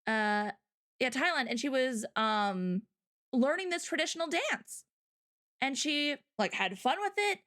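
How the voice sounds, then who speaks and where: A woman co-hosting a casual livestream chat, talking in an animated, heated way and acting out quoted voices. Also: high-pitched, measured pace. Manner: heated, ranting. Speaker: co-host.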